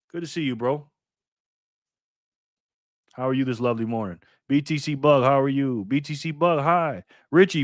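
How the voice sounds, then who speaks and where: A man's voice: on the high side, fairly bright tone, no echo. Man, livestream host, casual chat, laid-back, dry close sound. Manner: laid-back, greets viewers by name, says "man" and "bro" often. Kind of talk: casual livestream chat reading viewer comments.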